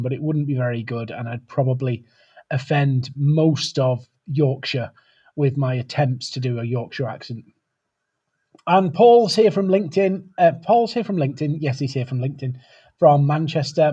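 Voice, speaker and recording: A man's voice: mid-range voice, a little mellow, slightly rough, highs cut off. A man hosting a live webcast, chatting casually and greeting viewers by name. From United Kingdom. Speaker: webcast host.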